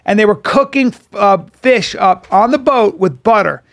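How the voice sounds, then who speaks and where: Gravelly, high-voiced man telling profane stories. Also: normal speed, no echo, studio quality. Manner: profane, animated storyteller who acts out quotes. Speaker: podcast co-host. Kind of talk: casual podcast banter.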